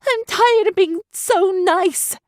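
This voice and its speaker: A woman reading an audiobook, voicing a headstrong young human girl raised among griffins, with high, strained, intense outbursts. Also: very animated, normal speed, creaky, darkish tone, dry recording, studio quality, heavily acted. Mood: furious.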